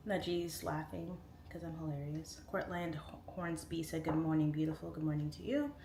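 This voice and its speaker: A chatty woman in her late thirties talks through a casual livestream, reading comments and wandering off on tangents. Her voice sits a little low for a woman. The room has a noticeable echo with faint noise behind her. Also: normal speed. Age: 30s. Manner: chatty, laughing, goes off on tangents. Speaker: livestream host.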